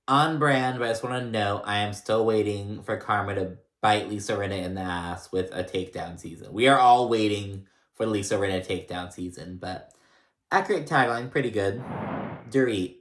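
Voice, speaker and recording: A man's voice: fairly low pitch, moderate pace, roomy sound. A man casually recapping a reality TV episode, rambling with lots of fillers and restarts. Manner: rambling, filler-heavy storytelling.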